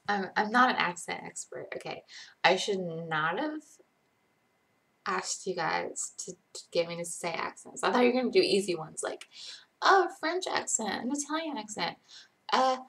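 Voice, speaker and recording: A woman's voice: mid-range voice, gravelly, fairly bright tone. A young woman hosting a casual late-night live Q&A from home, chatty and rambling, often poking fun at herself. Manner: chatty, rambling, self-deprecating. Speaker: livestream host.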